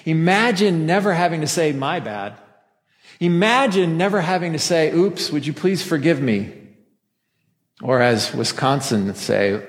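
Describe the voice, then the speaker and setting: A man's voice: fairly high pitch, animated, moderate pace. A pastor delivering a Christmas sermon in a church before a masked congregation, talking conversationally and joking at his own expense. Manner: conversational preaching with self-deprecating jokes. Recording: long hall reverb.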